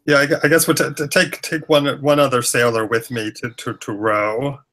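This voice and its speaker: A man playing a tabletop game, stammering and halting as he talks. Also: medium pitch, level tone, fairly bright tone. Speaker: player. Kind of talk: casual tabletop play.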